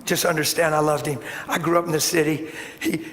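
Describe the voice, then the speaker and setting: A man preaching a sermon in animated, plain-spoken storytelling. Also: on the high side, fairly quick. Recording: echoey hall, faint background noise.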